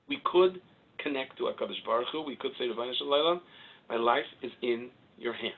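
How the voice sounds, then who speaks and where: A man in his sixties, a rabbi giving an Orthodox Jewish sermon as an animated storyteller who acts out dialogue and swings up to loud exclaiming peaks. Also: mid-range voice, brisk. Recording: husky voice over a tinny phone-like line.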